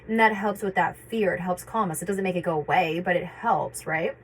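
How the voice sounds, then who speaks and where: A woman talking casually and reflectively to camera, often pausing on fillers and restarting her sentences. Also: lowish voice, husky, low-quality recording. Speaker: vlogger sharing personal experience. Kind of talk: casual personal talk.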